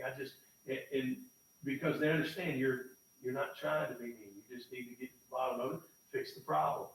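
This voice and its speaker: A man preaching a sermon in a church, folksy and emphatic, swinging from loud bursts to low, quiet lines. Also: steady tone, a little fast. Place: church sanctuary. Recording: echoey church from far off, faint noise.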